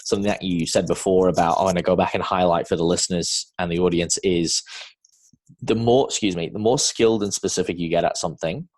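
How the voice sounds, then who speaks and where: Podcast host, male, from New Zealand; deep, husky voice, casual rambling delivery. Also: steady tone, quick pace, darkish tone. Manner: rambling, lots of fillers.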